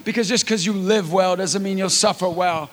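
A middle-aged man preaching a sermon with personal stories, impassioned and often rising to near-shouts. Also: high-pitched, steady tone, normal speed, in a large hall.

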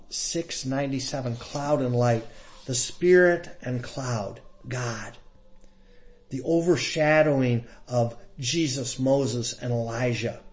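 A man preaching a Catholic sermon, earnest and emphatic, often turning soft and hushed as he addresses his brothers and sisters. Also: mid-range voice.

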